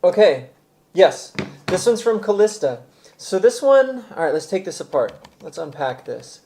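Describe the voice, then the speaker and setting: A man's voice: sits high, sing-song, measured pace, warm tone. Chatty livestream host man. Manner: chatty, talks while eating and handling gear. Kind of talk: casual livestream chat.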